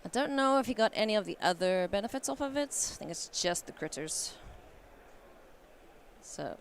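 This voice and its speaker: A woman doing live card game commentary at a tournament, playful and quick to laugh. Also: creaky, a little hiss or hum. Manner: playful, laughs often, animated swings in pitch. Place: convention hall.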